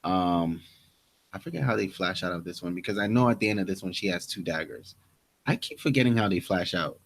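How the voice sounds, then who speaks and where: Low-voiced man recapping a TV episode. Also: brisk. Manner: retelling scenes with quoted lines, restarts. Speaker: podcast co-host. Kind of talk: casual TV recap chat.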